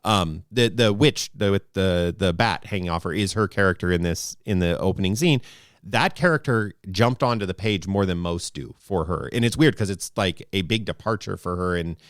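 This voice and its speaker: Low pitched guy, rambly podcast co-host, dry close mic. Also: normal speed, no echo. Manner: rambling and thoughtful. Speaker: podcast co-host and game master. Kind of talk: casual podcast discussion.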